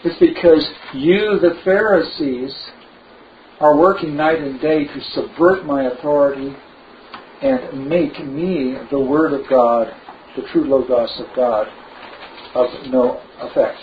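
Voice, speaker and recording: A man preaching a sermon, slow and emphatic, with lively asides. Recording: dull low-fi recording with faint noise.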